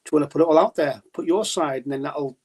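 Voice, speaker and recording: A man's voice: on the high side, fast talker, a little mellow, husky. A man as a podcast guest in casual chat, telling stories chattily, swearing and laughing often.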